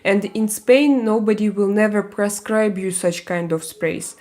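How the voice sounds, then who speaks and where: Slow, halting woman with a Russian accent. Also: medium pitch, fairly even intonation, darkish tone. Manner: hesitant, halting with many fillers, laughs often. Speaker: live streamer. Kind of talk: casual live-stream chat, answering viewer comments.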